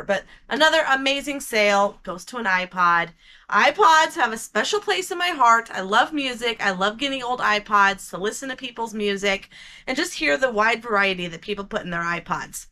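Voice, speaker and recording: An American woman excitedly recapping her resale sales to viewers, chatty and addressing them as friends, her voice a bit worn from talking. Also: a little high, brisk. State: losing her voice. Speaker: reseller vlogger. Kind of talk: casual haul recap to camera.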